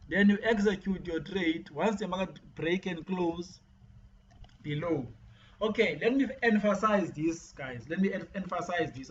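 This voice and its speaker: A man giving a screen-share trading tutorial, often repeating words and restarting his sentences. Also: fairly high pitch. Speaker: forex trading teacher. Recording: dull lo-fi mic with faint hiss.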